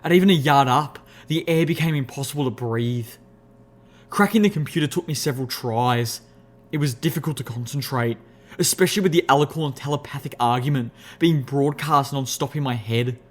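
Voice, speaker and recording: A man giving a first-person audiobook narration in an expressive, measured storytelling voice. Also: medium pitch.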